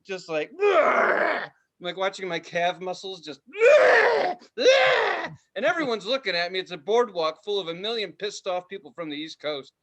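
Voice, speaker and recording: A man in his thirties, hosting a casual podcast and telling a story with loud voices and plenty of swearing. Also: high voice, unhurried. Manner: animated, profane, does loud voices in his stories. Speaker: podcast host.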